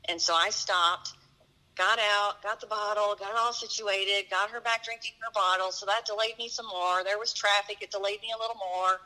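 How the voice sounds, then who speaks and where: Middle-aged woman, bright clear voice, telling a true story with lots of quoted talk. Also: mid-range voice, steady tone, normal speed, low-quality recording. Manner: earnest, vivid retelling with quoted dialogue. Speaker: guest telling her story. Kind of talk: personal storytelling.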